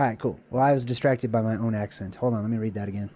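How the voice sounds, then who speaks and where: A man hosting a casual talk video, reading a passage aloud and breaking off into rambling, excited asides. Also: on the low side, fast talker, few pauses. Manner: rambling, animated asides with laughs and restarts. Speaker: video host. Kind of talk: casual lecture reading and commenting on scripture.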